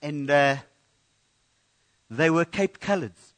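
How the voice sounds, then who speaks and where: A man with a high voice preaches a sermon in a church. He talks in a loose, conversational way, often going back to repeat a word before he carries on. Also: animated, slow. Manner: conversational preaching with frequent restarts and repeated words. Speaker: pastor.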